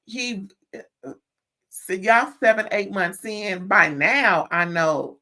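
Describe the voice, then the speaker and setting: A chatty woman, recapping a reality show in a loose, talkative way. She stretches out her exclamations and keeps up a friendly back-and-forth with her viewers, in a medium voice. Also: medium pitch. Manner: chatty, animated, drawn-out exclamations like "girl" and "mm-mm". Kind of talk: casual chat recap.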